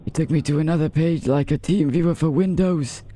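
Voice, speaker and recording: Guy acting confused on a call, kinda high but mellow voice. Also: brisk. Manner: hesitant, unsure questions. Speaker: scambaiter posing as a victim.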